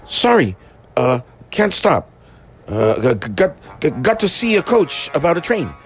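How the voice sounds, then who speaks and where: A man's voice: fairly high pitch, huge pitch swings, slow, voice pushed up, exaggerated voice. A man voicing a boastful, flustered male tank engine that stammers when caught out, in a storybook tale. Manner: stammering, bluffing. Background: background music.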